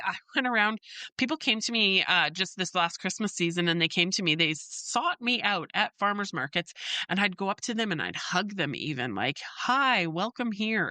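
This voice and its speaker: A chatty, joking woman in middle age gives casual advice as a podcast host. Her voice is bright and forward. The sound is dry and close, with no room around it. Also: mid-range voice, no room sound.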